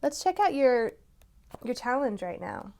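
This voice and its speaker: A woman giving a tarot reading to her viewers, talking in an encouraging, softly emphatic way and breaking into excited exclamations. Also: high voice, a little slow. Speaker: tarot reader.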